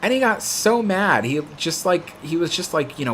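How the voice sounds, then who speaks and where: A young adult man hosting a casual live stream, telling stories in an animated, expressive way. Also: fairly high pitch, normal speed, a little hiss or hum.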